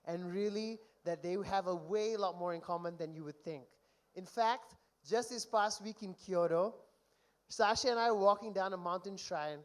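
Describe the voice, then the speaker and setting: A young man giving a best man speech at a wedding reception, telling stories and reading texts aloud in an animated way. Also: sits high, moderate pace. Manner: animated storytelling, mock-reads texts aloud.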